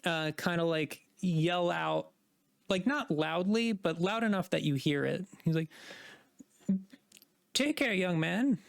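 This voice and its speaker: A woman's voice: lowish voice, measured pace, vocal fry, no echo, studio quality. A woman narrating a tabletop game as game master, in a hesitant way with many fillers.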